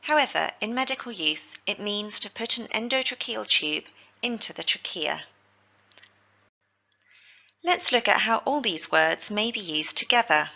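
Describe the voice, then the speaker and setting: A woman, teaching healthcare vocabulary in a scripted lesson, with slow, careful pronunciation drills. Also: mid-range voice, lively intonation, creaky, sharp tone, lo-fi sound.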